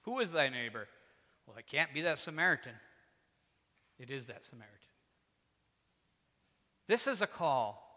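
A man preaching a sermon in a church, earnest and swinging between fervent emphasis and quiet, low passages. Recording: echoey hall.

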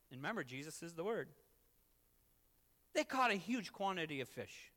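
Animated preaching man in a reverberant hall. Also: on the high side, moderate pace, long pauses. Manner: animated storytelling preaching, swinging from loud excitement to quiet emphasis. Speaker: pastor. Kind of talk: sermon.

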